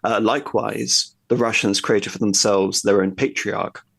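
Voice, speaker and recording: A man's voice: lowish voice, steady tone, measured pace, vocal fry, fairly bright tone, slightly rough. A man talking at length as a guest in a history conversation, explaining in a discursive, lecturing way and thinking aloud as he goes.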